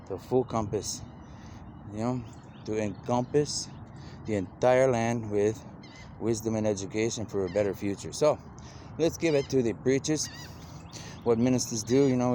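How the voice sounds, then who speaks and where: A man's voice: medium pitch, a little mellow. Rambling man with faint background hiss. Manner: rambling, loose, repeats "you know" constantly, slips into quoted voices. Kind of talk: rambling monologue.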